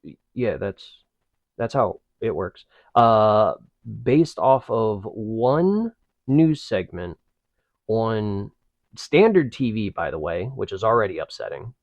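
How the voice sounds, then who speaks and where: A man's voice: lowish voice, sing-song, no room sound, muffled recording. A man co-hosting a podcast, making wry, joking comments in casual banter. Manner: wry, joking asides, slow drawl. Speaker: podcast co-host.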